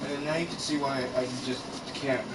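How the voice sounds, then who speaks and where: A man's voice: medium pitch, steady tone, normal speed. A man ranting in a casual vlog, frustrated and exasperated, swearing constantly, recorded in his bedroom. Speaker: gaming channel vlogger. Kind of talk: casual rant to camera. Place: bedroom at home. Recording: roomy, far from the mic, noisy background.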